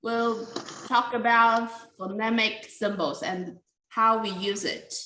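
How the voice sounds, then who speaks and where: Slow, bright-voiced woman English teacher. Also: a little high, fairly even intonation, roomy sound, rough recording. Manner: patient, calls on students by name. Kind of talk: teaching a pronunciation class.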